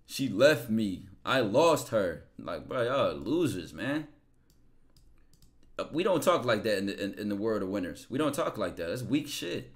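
Man streamer, lively and emphatic, riffing to chat between clips. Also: lowish voice, moderate pace. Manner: emphatic, repeats himself, talks to chat. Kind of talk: casual reaction chat.

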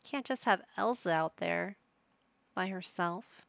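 A woman narrates her game in a relaxed, unhurried way, talking to her little characters like a playful mom. Her voice carries a gravelly fry, and the close mic sounds dry with no room around it. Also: fairly low pitch, no echo. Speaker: gaming YouTuber. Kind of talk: casual gameplay commentary.

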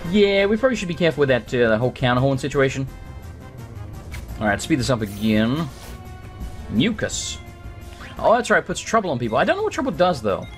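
A man's voice: medium pitch, sing-song, a little fast, long pauses, faint music behind. A man hosting a let's play, talking through a game in a hyper, joking, chatty way. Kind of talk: gameplay commentary.

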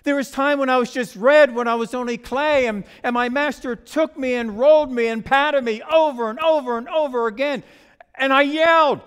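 A man's voice: very high voice, normal speed, fairly bright tone, smooth, voice pushed up. A man voicing a talking teacup that was once clay, pleading and complaining as it tells its story. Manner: pleading, storytelling in first person. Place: church sanctuary. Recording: long church reverb.

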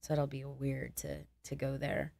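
A young woman comedian hosting a podcast, chatting casually, brash and swearing freely with quick joking asides. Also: a bass voice, completely flat delivery, vocal fry, warm tone, dry recording.

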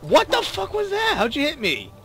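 A young man hosting a gaming video, excitable, laughing and swearing at the game while he plays. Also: extremely high pitch, moderate pace, creaky. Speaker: gaming channel host. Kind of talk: casual gameplay commentary.

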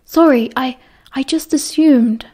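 Audiobook: woman playing a prim British schoolgirl, pitched well up, eager and a little breathless. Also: slow, warm tone. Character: teenage girl, earnest and disapproving.

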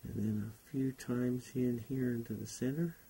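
A man's voice: medium pitch, fairly even intonation, normal speed, gravelly, warm tone, a little hiss or hum. A man teaching a painting class, talking unhurriedly and thinking aloud as he paints. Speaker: painting instructor. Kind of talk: relaxed painting demonstration.

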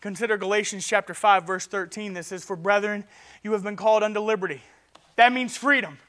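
A male pastor preaching a sermon with passion, swinging from loud urgency to quiet and often stammering and restarting. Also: high voice, steady tone, fairly quick.

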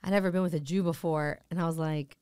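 A woman's voice: sits low, quick pace, clean tone, no echo, studio quality. A woman in her thirties, a comedian guest, telling stories in casual podcast chat and acting out the voices of people she quotes. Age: 30s. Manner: animated, acts out quoted voices.

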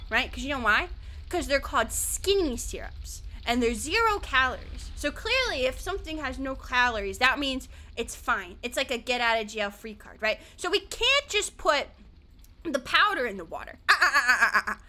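A woman's voice: high-pitched, pushed and bright. A young woman from the American South chatting casually with her stream audience while she plays a game, swearing freely and yelping when the game startles her. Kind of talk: casual chat while gaming.

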